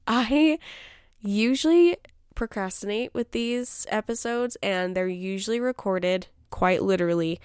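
A woman's voice: mid-range voice, measured pace, darkish tone, clear, resonant tone, dry recording. A young woman hosting her own podcast, chatting casually in a rambling, self-deprecating way into a close mic. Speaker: podcast host. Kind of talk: casual solo podcast chat.

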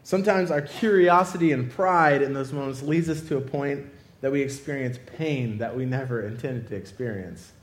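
A man's voice: mid-range voice, normal speed, reverberant. A young man preaching, telling a funny personal story with lots of laughter before turning it to a lesson. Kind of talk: sermon with comic personal story.

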